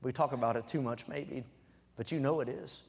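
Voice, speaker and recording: A young man preaching a sermon in a church, emphatic and rising to loud, fervent peaks, reading scripture aloud between his points. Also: mid-range voice, a little fast, vocal fry, in a large hall. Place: church sanctuary.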